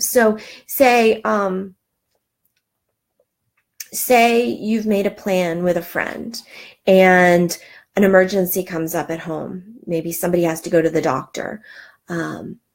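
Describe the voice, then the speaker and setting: A woman's voice: mid-range voice, a little mellow. Middle-aged woman doing a self-help talk, earnest and encouraging, lots of ums. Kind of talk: motivational talk.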